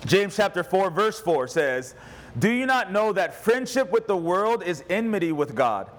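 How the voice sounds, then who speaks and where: A pastor preaching a conversational sermon with emphatic, humorous delivery. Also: male voice, high-pitched, very animated, a little slow.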